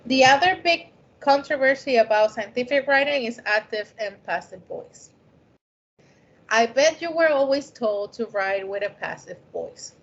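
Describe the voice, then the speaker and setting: A woman's voice: a little high, animated, unhurried, a bit bright. A woman whose first language is not English gives a conversational lecture on scientific writing, often checking in with "right?". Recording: dull lo-fi recording.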